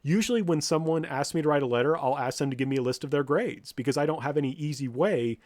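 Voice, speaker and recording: A man's voice: a little high, quick pace, dry recording. A man, a professor, lecturing students bluntly and directly, now and then acting out what people say. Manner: blunt, direct, with lively mock-quotes.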